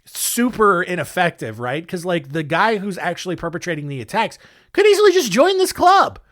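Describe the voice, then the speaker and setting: Animated, jokey male podcast host. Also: high-pitched, fairly quick. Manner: jokey, animated, lots of fillers. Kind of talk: casual history storytelling.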